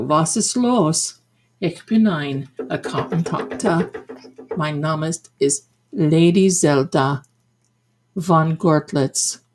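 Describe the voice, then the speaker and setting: An older woman voicing a flamboyant, doting German-accented countess in a hammy mock greeting, husky-voiced. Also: lowish voice, slight background noise.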